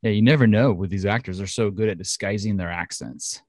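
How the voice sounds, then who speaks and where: Man, podcast co-host, casual chat, somewhat low voice, dry sound, excitable. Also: a little fast, no echo. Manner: excitable, chatty, jokey.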